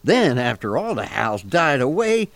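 A man tells a spooky campfire folk tale in a folksy, unhurried way. His voice has a gravelly, creaky edge and swings widely in pitch as he builds suspense. The delivery is slow and deliberate. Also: sing-song, a bit bright, dry recording. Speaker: storyteller. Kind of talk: scripted folk tale narration.

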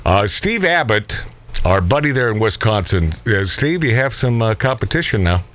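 A middle-aged man hosting a casual talk radio show, his pitch swinging lively up and down. He rambles from one story to the next, laughing often at his own asides. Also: moderate pace.

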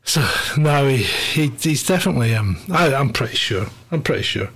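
A man's voice: mid-range voice, expressive, moderate pace, a bit bright, slightly rough. A man co-hosting a casual live stream, teasing his partner and laughing easily. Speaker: co-host.

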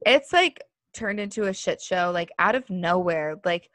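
A woman's voice: on the low side, lively intonation, a little slow, a bit bright, no echo. A young woman in her twenties co-hosting a casual podcast, chatty and opinionated, full of "like" fillers. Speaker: podcast co-host. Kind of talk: casual chat.

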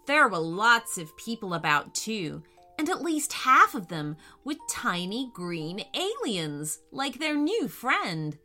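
A woman reading a children's story aloud, expressive and animated, talking straight to the young listeners. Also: a little high. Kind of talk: bedtime story narration. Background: soft music.

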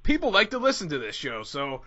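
A man with a high, bright speaking voice hosts a loose, casual podcast. He talks in a revved-up, excitable way and readily slides into ranting. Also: a little fast, muffled recording. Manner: hyped-up, prone to rants. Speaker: podcast host.

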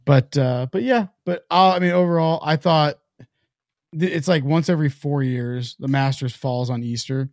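A man's voice: on the high side, moderate pace, darkish tone, no echo. Chatty rambling man on a dry mic. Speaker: podcast host. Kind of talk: casual chat.

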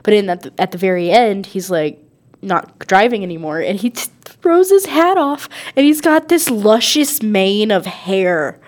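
A woman's voice: mid-range voice, animated, measured pace. A woman co-hosting a casual movie review podcast, chatty and rambling, laughing often, her nose stuffy from a cold. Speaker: podcast co-host. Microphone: podcast microphone.

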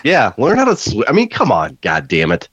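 A man's voice: fairly low pitch, huge pitch swings, normal speed, a bit bright, breathy edge, no echo. A man in casual chat, blunt and swearing casually. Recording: dull, dry sound.

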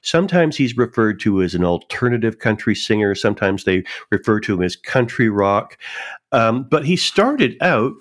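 A man hosts a relaxed interview with a slightly low voice. He talks conversationally and poses questions to his guest. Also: moderate pace. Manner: conversational, asks questions, with short backchannels. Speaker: podcast host. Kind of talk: casual interview chat.

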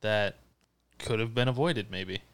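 A man's voice: on the low side, unhurried, clear, resonant tone. A man co-hosting a casual podcast, teasing his friend in a dry way, with many hesitations. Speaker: podcast co-host. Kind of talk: casual chat.

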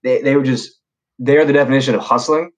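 A man's voice: medium pitch, fairly even intonation, brisk, poor audio. A young man telling stories on a podcast in a casual, slangy way, with lots of fillers and restarts. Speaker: podcast guest. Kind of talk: casual storytelling chat.

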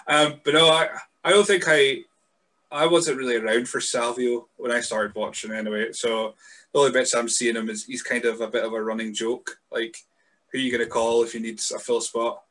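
A man's voice: mid-range voice, fairly even intonation, a little fast, a bit bright. A man hosting his podcast, chatting in an easygoing, sweary way with plenty of hesitant fillers. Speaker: podcast host. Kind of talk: casual podcast chat.

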